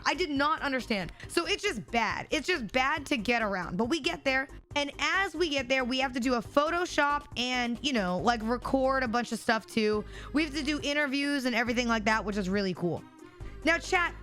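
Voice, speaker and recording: A young woman streamer telling an animated storytime, talking straight to her chat. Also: sits high. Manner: animated, addresses chat directly. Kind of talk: storytime vlog.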